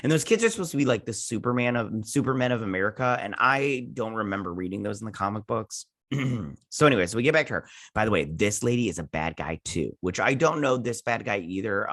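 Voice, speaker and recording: A man's voice: lowish voice, fairly bright tone, dry recording, clean studio sound. A man hosting a casual review, rambling through an episode recap and quoting characters with offhand jokes. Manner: rambling, quotes characters with "he's like"; offhand joking asides.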